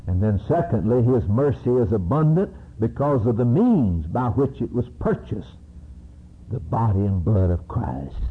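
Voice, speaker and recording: Man, preacher, husky voice, slow delivery, swooping sermon pitch, thin phone-like sound. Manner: slow, emphatic preaching that rises to high-pitched climaxes. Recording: narrow, phone-like recording.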